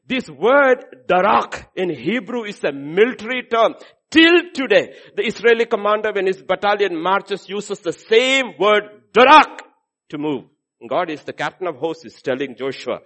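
Emphatic preacher with a lively voice. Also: male voice, normal speed. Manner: emphatic and repetitive, swinging from loud exhortation to low intensity. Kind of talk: sermon.

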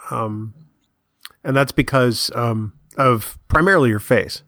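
A man's voice: medium pitch, a little slow, a bit bright, no room sound. Dry-voiced man trading teasing banter. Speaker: podcast co-host. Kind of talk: casual chat.

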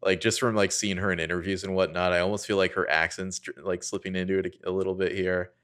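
A man with a very low voice co-hosting a podcast, trading wry, sardonic remarks in loose casual chat. He swears offhandedly and keeps things relaxed. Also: quick pace, smooth. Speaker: podcast co-host.

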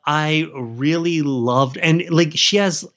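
A man from South Carolina, a guest author chatting in an interview, rambling and animated with lots of fillers and restarts. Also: fairly high pitch, slow. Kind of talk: casual interview chat. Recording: slightly dull lo-fi sound.

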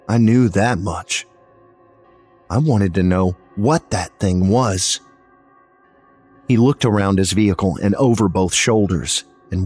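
A man reading a first-person horror story aloud in a slow, measured storytelling manner. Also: deep voice, a little mellow, husky, faint music behind. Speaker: audiobook narrator.

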